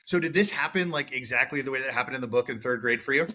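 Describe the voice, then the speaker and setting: A man hosts a podcast with a bright, forceful voice at a middle pitch. He talks in a thoughtful, loose way, with fillers as he thinks aloud. It is a relaxed interview. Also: quick pace. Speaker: podcast host.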